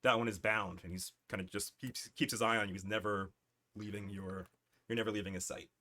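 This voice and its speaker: A man's voice: lowish voice, little pitch movement, brisk, bright, forceful tone. A man narrating a tabletop game as game master, loose and chuckling, correcting himself as he goes.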